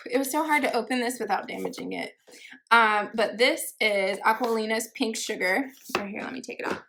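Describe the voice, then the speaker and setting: Woman, casual haul vlog, chatty, gravelly voice, faint background noise. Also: fairly high pitch, normal speed, fairly bright tone. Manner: chatty, many fillers, giggly asides; unsure pronunciations, self-teasing. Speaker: beauty vlogger.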